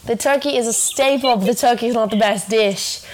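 A young woman co-hosting a casual podcast, talking bluntly and swearing freely as she riffs with her friend. Her voice sits on the higher side, and laughter breaks through her lines often. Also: brisk, a crowd in the background. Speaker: podcast co-host. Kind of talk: casual chat.

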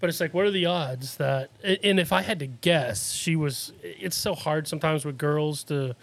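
Gravelly-voiced man telling stories. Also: on the high side, normal speed, fairly bright tone. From Massachusetts. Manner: rambling storyteller, laughs often. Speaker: podcast host. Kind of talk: casual chat.

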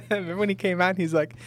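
A man's voice: high voice, fairly even intonation, fairly quick, a little hiss or hum. Laid-back young man swearing in casual chat. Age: young adult. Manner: laid-back, swears a lot, mimics voices for laughs. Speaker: podcast co-host.

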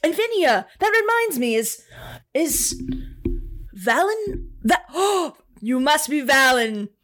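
Lady doing a big jolly lion commander guy, hearty and kinda high, all fatherly welcomes. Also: very animated, slow, fairly bright tone, heavily acted. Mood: jovial. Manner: jovial, booming welcomes.

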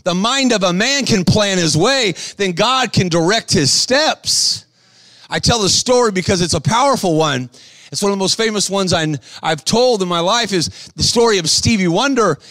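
High-voiced, fiery preaching man. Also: lively intonation, no echo. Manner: fiery, shouting calls for the crowd to respond; bursts of quick patter between slow, stressed lines. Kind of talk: sermon to a live audience.

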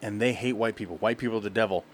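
A man co-hosting a casual podcast, telling stories in quick, animated bursts and laughing often. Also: fairly low pitch. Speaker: podcast co-host. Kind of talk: casual chat.

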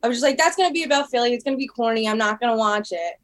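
A woman's voice: a little high, racing. Giggly woman from northeast philly, thick accent, says like a lot, video call sound. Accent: Philadelphia. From Northeast Philadelphia. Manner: giggly, chatty, peppered with "like". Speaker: fan caller on video call. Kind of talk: casual chat.

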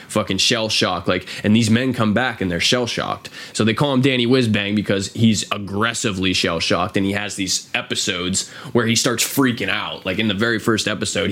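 A man hosting a casual podcast chat, swearing often and acting out quotes in a high voice. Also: a bit bright. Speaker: podcast host.

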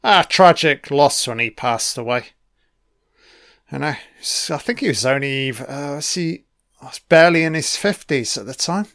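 A man's voice: fairly high pitch, animated, moderate pace, a bit bright, no room sound, studio quality. A man doing a casual, crude solo commentary on a film, swearing freely and tossing asides to the listener.

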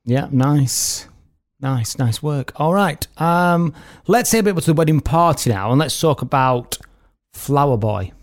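A man from the UK hosting a casual podcast chat, upbeat and quick to prompt with questions. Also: on the high side, animated. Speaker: podcast host.

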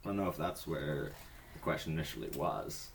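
A man's voice: extremely low pitch, expressive, fairly quick, vocal fry, a little hiss or hum. A man in a casual podcast chat, speaking hesitantly and thinking aloud.

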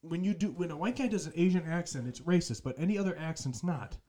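A man's voice: on the high side, fast talker, few pauses, darkish tone. A man in casual podcast chat, joking around, laughing often and swearing casually. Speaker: podcast co-host.

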